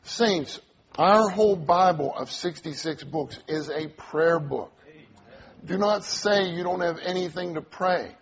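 A man's voice: fairly high pitch, creaky. Earnest preacher man, lo-fi sound. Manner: earnest, repeats key phrases, call and response with congregation. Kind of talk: sermon.

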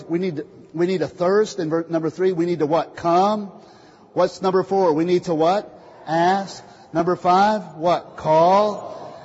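A man preaching a sermon, calling out questions for the congregation to answer and swinging from quiet asides to loud declarations. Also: high voice, slightly rough. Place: church meeting hall. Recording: muffled, echoey hall recording.

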